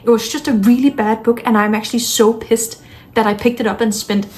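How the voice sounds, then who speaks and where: A woman book vlogger rants casually to camera at home, frustrated, blunt, and swearing, with exasperated sighs. Her voice is fairly high, steady, brisk, and a little mellow.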